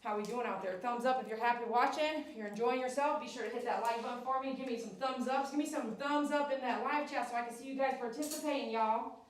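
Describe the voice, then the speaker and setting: A woman's voice: on the high side, quick pace. A woman dog groomer on a livestream, coaxing and soothing the dog while chatting with viewers. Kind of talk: live-streamed grooming chat. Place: grooming salon, indoors. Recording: echoey room, mic at a distance. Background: clipper hum.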